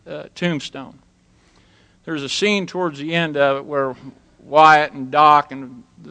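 A sharp voice, pitched on the high side, comes from an older man telling stories to a live recovery group. His manner is folksy and plain, full of jokes and quotations from other people.

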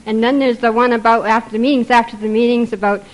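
With a fairly high pitch and fairly even intonation, an older woman from Canada rattles off humorous recovery anecdotes to a group at a quick pace. She chuckles throughout and quotes voices. The recording is rough.

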